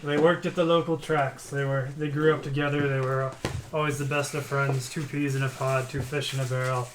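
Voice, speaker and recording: A man's voice: mid-range voice, little pitch movement, fairly quick. Male player, playful joke storyteller, roomy room, faint hiss. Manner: playful, chuckles through the telling. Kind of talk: shaggy-dog joke storytelling.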